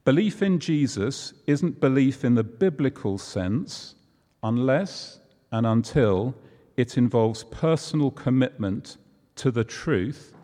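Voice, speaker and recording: A man's voice: medium pitch, mellow. A man preaching a conversational sermon, using props and everyday examples. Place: church hall. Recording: long hall reverb.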